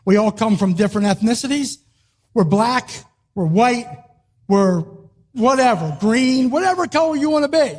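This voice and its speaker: An older man with a notably high-pitched voice speaks to an audience in a motivational talk. He repeats his key phrases with emphasis and now and then rises to a shout. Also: lively intonation, normal speed. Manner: emphatic, repetitive, rising to a shout on key lines.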